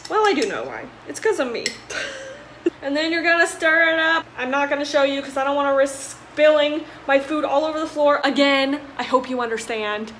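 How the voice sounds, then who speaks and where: Clattering dishes echo around the room as a young woman in college records a casual cooking vlog. Her voice is high, fairly bright, and animated at a moderate pace, with a little hiss or hum, and she's chatty, self-deprecating, and frequently exasperated by her own slip-ups.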